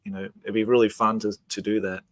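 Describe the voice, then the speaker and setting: A man's voice: lowish voice, flat delivery, quick pace, no echo. Male host, middle-aged, casual hobby-chat banter, matey and laughing, dead-dry close sound.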